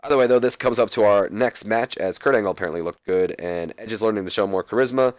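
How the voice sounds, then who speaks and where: Young dude rambling thru his wrestling sim recap, lowish voice, dead dry close mic. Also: quick pace, no echo. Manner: casual, rambling, reads out scripted lines. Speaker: let's play host.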